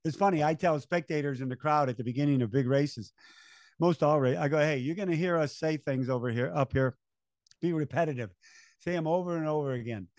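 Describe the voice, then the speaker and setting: A man's voice: fairly high pitch, a little fast, no echo. An older man, a race announcer, telling stories in an interview and acting out the voices of people he quotes. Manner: animated storyteller, acts out quoted voices, chuckles. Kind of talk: conversational storytelling interview.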